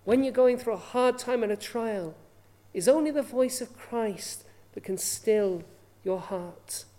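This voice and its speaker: Earnest woman preaching, mellow voice. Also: a little high, measured pace. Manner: earnest, frequent rhetorical questions. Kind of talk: sermon.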